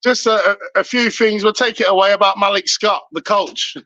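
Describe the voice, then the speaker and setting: Chatty British podcast host, high bright voice, muffled lo-fi sound. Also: male voice, fairly even intonation, normal speed. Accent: British English. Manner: chatty, laughs often. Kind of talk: casual chat. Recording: dull lo-fi audio.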